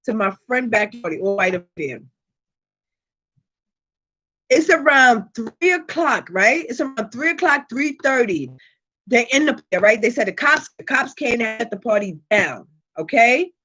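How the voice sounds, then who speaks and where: A woman with a high voice tells a personal story straight to her viewers in a casual vlog. Her delivery is animated and full of profanity. She keeps checking in with the audience as she goes. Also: unhurried. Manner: frequent rhetorical check-ins to viewers. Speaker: tarot reader and channel host.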